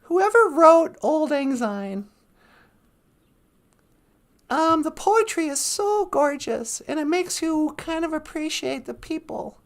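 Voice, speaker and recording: A woman hosting a live-stream podcast in casual chat, laughing often and reading lines slowly and dreamily. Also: high voice, vocal fry. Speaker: podcast host.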